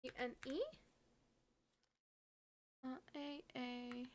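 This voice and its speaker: A woman's voice: high voice, level tone, very slow, a little hiss or hum. A woman livestreamer chatting casually with her chat, laughing often and swearing freely.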